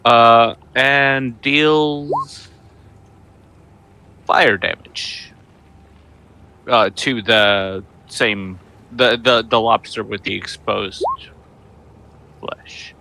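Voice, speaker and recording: A man playing in a live tabletop game, describing his character's actions slowly with many fillers and restarts. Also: mid-range voice, creaky, sharp tone. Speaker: player.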